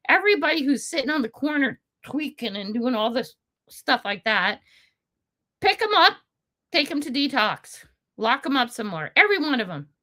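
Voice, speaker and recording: A woman's voice: sits high, lively intonation, a little fast, bright, forceful tone. An older woman hosting a casual livestream, telling stories with frequent laughter and blunt, indignant remarks. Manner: chatty, laughs often while telling stories. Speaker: livestream host.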